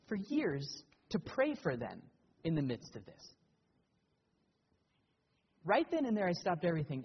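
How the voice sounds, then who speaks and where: A man preaching a sermon as pastor, earnest and animated, telling personal stories with emphatic swells. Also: husky, long reverb tail, dull audio. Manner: animated storytelling with emphatic rises in pitch and loudness.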